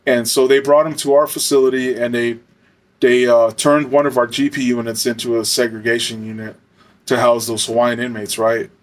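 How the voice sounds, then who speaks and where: A man's voice: medium pitch, little pitch movement, normal speed. Man telling a rambling casual story. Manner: rambling, lots of filler words and profanity. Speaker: storyteller, former corrections officer.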